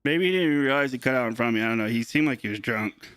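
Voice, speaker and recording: A young man breaking sports cards on a live stream, telling a story in a rambling, animated, casual way. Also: mid-range voice, rapid-fire, smooth, dry recording, clean studio sound, soft background music.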